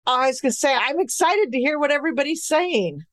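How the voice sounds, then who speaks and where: Lively, enthusiastic woman co-host. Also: high voice, fast talker, no room sound, clean studio sound. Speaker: podcast co-host. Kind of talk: casual podcast chat.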